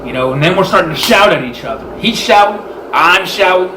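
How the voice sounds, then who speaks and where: A man's voice: on the high side, fast. A man telling an angry story about a clash with his manager, acting out both sides of the argument and swearing often. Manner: animated, swearing, replays arguments in quoted dialogue. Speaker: vlogger. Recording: echoey room with background hum.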